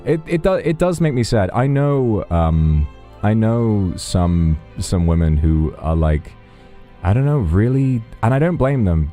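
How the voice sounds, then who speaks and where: A man's voice: low voice, warm tone. A man chatting casually on a livestream, rambling and wry, often breaking off mid-sentence. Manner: rambling, self-interrupting, wry. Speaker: streamer.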